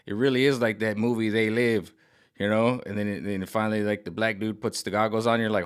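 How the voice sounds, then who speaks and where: A middle-aged man vlogs in a rambling, agitated monologue, speaking fairly quickly in a lowish, clean-toned voice. He repeats himself, restarts often, and sarcastically mimics other voices.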